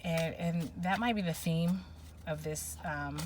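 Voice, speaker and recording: A woman's voice: lowish voice, measured pace, a little hiss or hum. A woman giving a spiritual pick-a-pile tarot reading, rambling and emotional as she thinks aloud with many fillers. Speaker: tarot reader.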